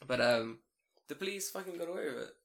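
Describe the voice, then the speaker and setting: A man co-hosting a casual podcast, swearing a lot and telling animated stories with put-on voices. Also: on the high side, gravelly. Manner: fast, profane, animated storytelling with put-on voices. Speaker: podcast co-host. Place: home recording room.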